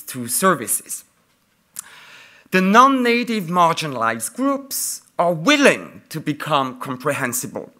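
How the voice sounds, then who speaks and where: Animated man giving an academic lecture. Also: mid-range voice. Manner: thinking aloud with many fillers and restarts, animated emphasis. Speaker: plenary conference speaker.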